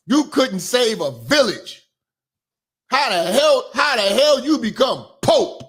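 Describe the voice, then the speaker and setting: A man hosting a commentary channel, reacting to news clips with loud mocking remarks. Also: very high voice, very animated, slow pace, breathy edge. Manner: loud mocking reactions, shouts, sing-song outro.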